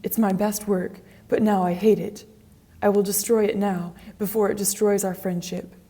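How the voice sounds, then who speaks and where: A woman's voice: medium pitch, flat delivery, normal speed, mellow, lightly acted. A woman reading as an earnest devoted painter. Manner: earnest, reproachful. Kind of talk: graded reader audiobook acting.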